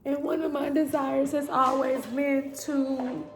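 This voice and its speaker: Emotional woman tarot reader, gravelly voice. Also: high voice, level tone, takes it slowly, echoey room, soft background music. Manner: candid, addresses viewers as y'all. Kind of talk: spiritual tarot reading.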